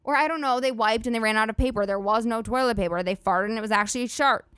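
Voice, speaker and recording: A woman's voice: a little high, fast talker, fairly bright tone, clear, resonant tone, dry recording, clean studio sound. A woman hosting a solo comedy podcast, rambling and swearing freely with lots of "like" fillers. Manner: profane, rambling, filler-heavy "like" talk. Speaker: podcast host.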